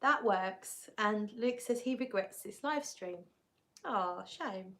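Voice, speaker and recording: A woman's voice: medium pitch, lively intonation, slow pace, fairly bright tone. A woman hosting a live stream, chatting casually as she reads out viewer comments, giggly and often correcting herself. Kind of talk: casual chat.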